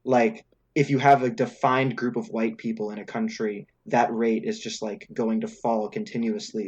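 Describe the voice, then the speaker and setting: A man's voice: fairly low pitch, a little mellow, breathy edge, highs cut off. A young man co-hosting a podcast, chatting casually about politics with lots of fillers and restarts. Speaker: podcast co-host.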